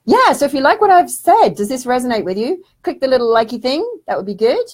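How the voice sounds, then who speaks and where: A spiritual development teacher hosts a casual live stream, reading viewer comments aloud in a chatty, affectionate way and calling people darling. Her voice sits high and has a darkish tone, and she talks fast and very animatedly.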